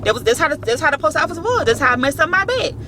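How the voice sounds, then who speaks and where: A woman's voice: sits high, sing-song, fast, sharp tone, rough recording. Lady telling it straight, cussing, outside by a road with traffic noise. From Southern US. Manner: blunt, profane, storytelling with quoted voices. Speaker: vlogger giving work advice. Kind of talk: casual advice talk.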